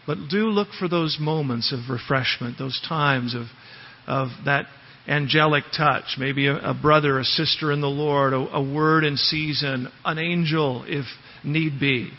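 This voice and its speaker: A pastor preaching a conversational sermon, verse by verse, often turning to the congregation with rhetorical questions. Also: male voice, fairly high pitch, unhurried. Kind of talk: expository sermon. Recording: long hall reverb, dull lo-fi sound.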